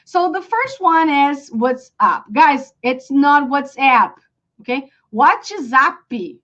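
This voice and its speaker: A woman's voice: high voice, animated, slow pace, a bit bright. A Brazilian woman with a Portuguese accent teaching a live online English lesson, chatty and full of fillers. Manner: chatty, explains with many fillers and apologies. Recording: dull lo-fi stream audio.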